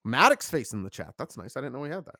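A man chatting casually as a stream co-host, pitched at an ordinary middle register and quick to get animated. His voice sounds close and dry, with little room around it. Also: no room sound. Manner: animated, chatty, reads chat aloud. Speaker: co-host of a wrestling review stream. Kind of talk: casual chat.

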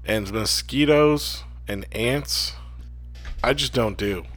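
A man's voice: medium pitch, takes it slowly, fairly bright tone. A man in a laid-back casual chat, swearing offhandedly.

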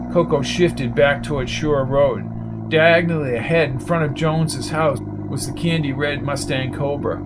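A man reading a crime novel aloud as the audiobook narrator, in steady storytelling. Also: mid-range voice, heavy background noise.

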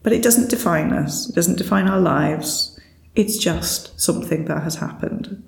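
A woman with a low, gravelly voice talks things over in a relaxed, thoughtful way, laughing easily between ideas. She recounts a story with animated quoted voices. The sound carries a noticeable room echo. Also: a little slow. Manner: thoughtful, laughs often, retells stories with lively quoted voices. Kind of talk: casual reflective chat.

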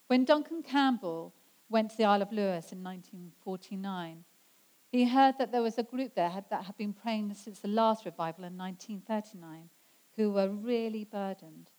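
A woman preaching a sermon in an earnest way, slowing down to stress scripture quotes. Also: mid-range voice, a little mellow, rough recording. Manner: earnest, slows down for emphasis when quoting scripture.

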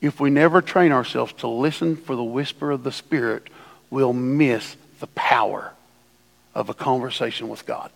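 A male pastor preaching a sermon, swinging from hushed asides to loud, lively emphasis. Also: mid-range voice, moderate pace, creaky, in a large hall. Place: church sanctuary.

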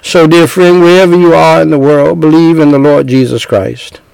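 A man's voice: fairly high pitch, steady tone, normal speed, gravelly, darkish tone, smooth, no echo, low-quality recording. A man preaching an evangelistic sermon, speaking earnestly and directly to the listener and leading a prayer phrase by phrase.

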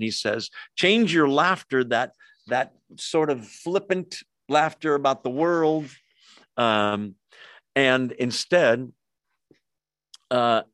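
A man of middle pitch leads a Bible study in an easy, conversational way. He pauses, uses fillers and drops quick asides to his group. The sound is dry and close. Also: a bit bright, no room sound.

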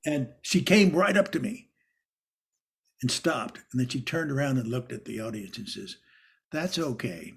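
An older man telling stories about a former teacher, rambling with many restarts and laughs, and sometimes acting out quoted lines loudly. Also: medium pitch, big pitch swings, normal speed, gravelly. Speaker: interviewee recalling a former teacher. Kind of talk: anecdotal reminiscence.

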